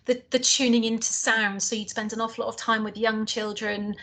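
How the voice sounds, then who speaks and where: A woman's voice: a little high, little pitch movement, brisk, fairly bright tone. Chatty Northern English woman lecturer. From Northern England. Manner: chatty, frequent ums and restarts. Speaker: teacher trainer. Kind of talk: online lecture.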